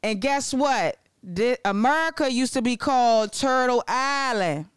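Excitable young woman with a smooth, dry voice. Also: fairly high pitch, unhurried, dry recording. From Maryland, US. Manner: excitable, joking, digressive, swears freely. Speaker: vlogger presenting facts on Black-owned businesses. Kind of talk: casual educational vlog talk.

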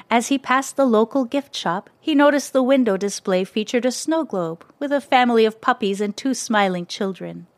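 A woman narrating a children's story in a gentle, expressive way, close to the mic. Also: medium pitch, no room sound.

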